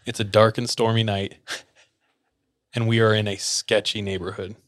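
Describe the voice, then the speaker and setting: A man's voice: lowish voice, flat delivery, moderate pace, a bit bright. Man co-hosting a podcast chat. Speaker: podcast co-host. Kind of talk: casual chat, narrating a story.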